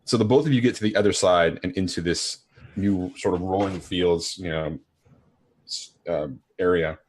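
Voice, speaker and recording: Husky low-voiced male game master. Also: darkish tone. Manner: descriptive, unhurried scene-setting. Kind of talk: narrating a tabletop game.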